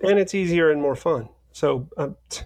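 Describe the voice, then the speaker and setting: A man co-hosting a podcast, giving mock-serious advice in a deadpan way. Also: fairly high pitch, normal speed. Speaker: podcast co-host. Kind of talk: bantering podcast chat.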